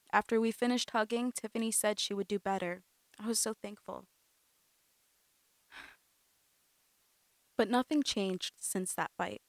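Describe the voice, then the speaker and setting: Young woman reading her own story quietly. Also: medium pitch, creaky, no echo. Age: young adult. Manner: quiet, reflective storytelling with sharp acted-out quotes. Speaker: narrator. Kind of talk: reading a personal story aloud.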